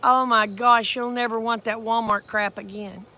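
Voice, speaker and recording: Farm woman vlogger, folksy drawl, bright edgy tone, faint outdoor noise. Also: on the high side, fairly even intonation, moderate pace. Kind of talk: casual storytelling.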